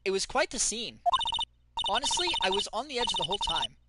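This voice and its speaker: A man voicing a calm, confident female lawyer with a soft, dry teasing manner, over loud game music. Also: high voice, brisk, heavy background noise.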